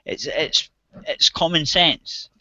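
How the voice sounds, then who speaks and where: A man's voice: on the high side, slow, pushed and bright, dry recording. A man from outside the US, ranting angrily and swearing heavily in a casual chat. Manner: angry, heavy swearing, ranting. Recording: dull, dry voice-chat audio.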